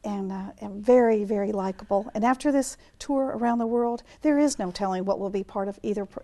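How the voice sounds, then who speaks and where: A woman's voice: medium pitch, fairly quick, warm tone. An American woman hosting an interview, affirming her guest with frequent agreeing sounds and short comments. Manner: supportive, affirming with frequent backchannels. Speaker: interviewer host. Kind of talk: relaxed interview chat.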